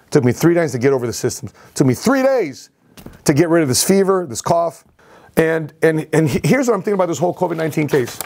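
A man telling a personal story on his vlog as an entrepreneur, in an animated, repetitive way. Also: a little high, gravelly, husky. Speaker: entrepreneur vlogger.

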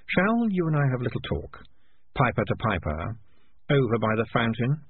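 A man voicing a sly, grinning adult rat piper who talks low and conspiratorially, in a storybook audiobook. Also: very animated, normal speed, slightly rough, no echo. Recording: tinny lo-fi with faint hiss.

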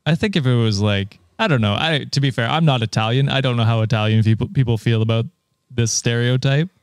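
A man's voice: mid-range voice, brisk, no echo. Laid-back man chatting, dry sound. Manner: laid-back, hesitant, laughs often. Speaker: co-host. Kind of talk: casual chat.

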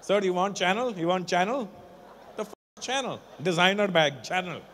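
A man's voice: high-pitched, lively intonation, normal speed, a bit bright, slight background noise. A man putting on a pushy male street vendor who hawks fake designer bags in clipped, broken phrases. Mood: hawking.

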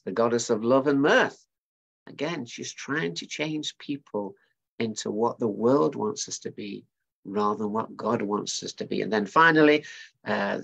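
Husky man telling a bible story. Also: medium pitch, fairly bright tone. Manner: chatty storytelling with asides to the listeners. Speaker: preacher. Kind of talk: retelling a bible story at a family service.

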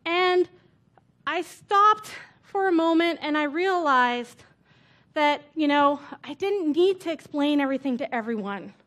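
A woman speaker at a conference, telling her story in a relaxed, chatty way full of "like" and "right?". Her voice sits noticeably high. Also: a little slow. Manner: casual, chatty, lots of "like" and "right?". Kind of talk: conference talk. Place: conference stage before an audience.

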